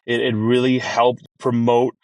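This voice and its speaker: A man who owns a restaurant, talking as a podcast guest in an energetic, rambling way and acting out his own quoted lines. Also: medium pitch, measured pace, no echo. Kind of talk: casual podcast interview.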